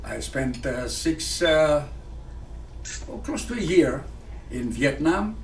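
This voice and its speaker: A man, a former pilot giving a speech. He talks in halting phrases full of fillers and restarts. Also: on the high side, big pitch swings, a little hiss or hum. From Greece. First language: Greek. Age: 90s. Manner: halting, with many fillers and restarts, earnest and patriotic. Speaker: guest speaker, retired fighter pilot. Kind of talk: speech to an audience. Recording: echoey room picked up from far off.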